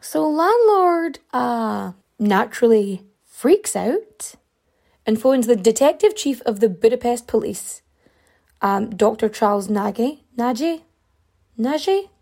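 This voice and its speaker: A woman recounts an old murder case in a loose, chatty way, full of asides and filler words. Her voice sits a touch higher than most. She sounds like she is talking to friends rather than reading a script. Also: animated, slow pace, gravelly, a little mellow. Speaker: storyteller. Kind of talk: casual true crime storytelling.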